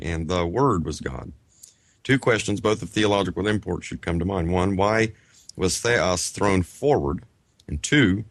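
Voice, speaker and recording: A man with a low voice, recorded close and dry with no room sound. He reads a grammar textbook aloud in measured phrases, then slips into casual asides. He sounds out Greek words slowly and carefully as he teaches. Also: dry recording. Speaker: co-host of a Bible Greek study show.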